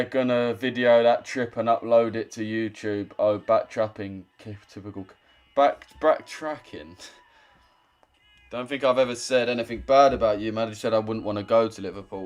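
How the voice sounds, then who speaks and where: A man's voice: mid-range voice, highs cut off. A young man chatting casually on a trading live stream, swearing and teasing viewers. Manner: swearing, banters with chat. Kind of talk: casual live-stream chat reading comments.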